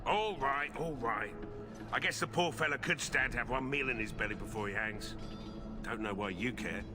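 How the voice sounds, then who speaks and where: A grumbling camp guard in a fantasy video game, voiced by a man answers with gruff sarcasm. Game music sounds clearly behind him. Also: medium pitch, moderate pace, natural voice.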